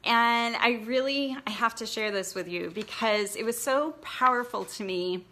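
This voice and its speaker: A woman's voice: fairly high pitch, normal speed, fairly bright tone. A woman blogging coach giving a casual, encouraging live training, chatty and full of fillers.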